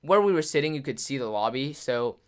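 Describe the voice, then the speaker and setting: A man's voice: mid-range voice, expressive, a little fast, clear, resonant tone. Rambling man telling a story to camera. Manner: rambling, filler-heavy, says "like" constantly; acts out quoted voices of others. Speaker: gaming YouTuber.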